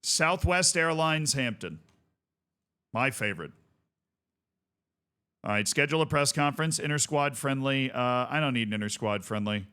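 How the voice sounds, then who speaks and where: A man's voice: medium pitch, normal speed, pauses often, bright, forceful tone, clean tone. A man streaming a game, chatting casually with viewers in rambling, jokey asides. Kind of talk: casual gaming stream chat.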